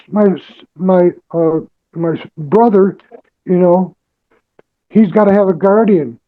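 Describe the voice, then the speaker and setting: A man defending himself at a court hearing, defiant and halting, full of restarts. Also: sits high, phone-quality sound. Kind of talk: testifying in court.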